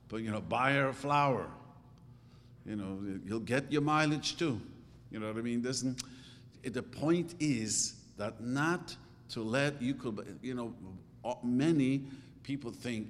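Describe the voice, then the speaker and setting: Middle-aged man, religious teacher, animated and chatty, hall reverb with faint rumble. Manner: animated, conversational, acts out quoted thoughts. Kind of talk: Torah class lecture.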